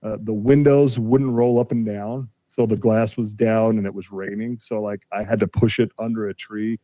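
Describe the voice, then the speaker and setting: Here a forties-aged podcast guest who collects cars tells, at normal speed, the story of a dispute, acting out the quoted exchanges in a casual way. His fairly low voice holds a steady tone. The sound is dry and a little dull.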